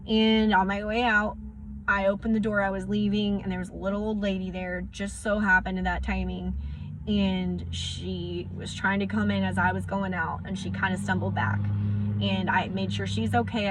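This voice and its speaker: A young woman vlogging, frustrated and close to tears as she recounts confrontations in quick bursts of dialogue. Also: mid-range voice, fairly bright tone, a little hiss or hum. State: near tears. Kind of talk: emotional personal vlog rant.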